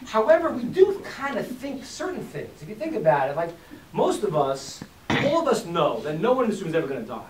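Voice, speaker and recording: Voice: mid-range voice, brisk. A teacher giving an informal talk to a live audience, acting out quotes and joking with the room. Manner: animated, acts out quotes and jokes with the room. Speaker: teacher of a class. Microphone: distant from the mic. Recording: echoey room, distant mic, faint hiss.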